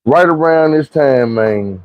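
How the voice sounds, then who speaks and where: A man's voice: medium pitch, expressive, takes it slowly, no echo, dull audio. A young man with a Southern US accent telling a casual, slangy, profane storytime. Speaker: storyteller vlogger.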